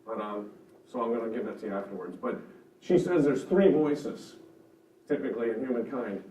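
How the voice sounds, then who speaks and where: A man's voice: medium pitch, normal speed, warm tone, a little hiss or hum. Male seminar teacher, earnest and conversational, recorded from a distance in a roomy hall. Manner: earnest, conversational, explains with examples. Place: seminar room. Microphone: microphone over a room speaker system. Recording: roomy, distant, dull sound.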